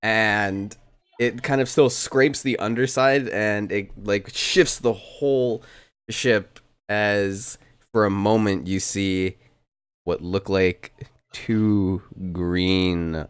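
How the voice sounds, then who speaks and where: A man acting as dungeon master, narrating a tabletop game in quick, descriptive bursts. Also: on the low side, fairly even intonation, clear, resonant tone, no echo.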